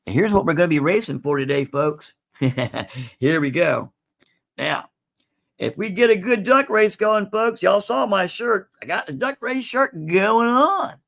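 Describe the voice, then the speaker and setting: A man's voice: sits high, lively intonation, unhurried, vocal fry, a bit bright. Folksy man selling coins live. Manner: folksy, chatty, greets viewers, says "folks" often. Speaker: livestream seller of coins and jewelry. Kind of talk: casual live sales stream.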